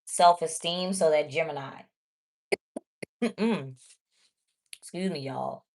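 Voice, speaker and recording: Low-voiced woman doing a casual tarot reading. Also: drawn-out words, darkish tone. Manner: chatty, blunt, talks straight to viewers. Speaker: tarot reader.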